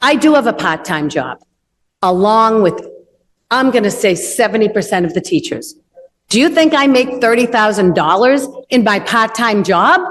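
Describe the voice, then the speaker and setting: A woman's voice: mid-range voice, expressive, moderate pace. A woman in her fifties, a teacher, giving emotional public comment at a city meeting with pleading rhetorical questions. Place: city council chamber. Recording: reverberant council chamber.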